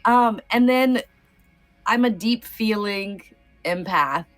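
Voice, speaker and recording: A woman's voice: medium pitch, slow, a bit bright, soft background music. Heartfelt woman, tearful podcast guest. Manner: heartfelt, tearful at times, many fillers. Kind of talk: emotional casual conversation.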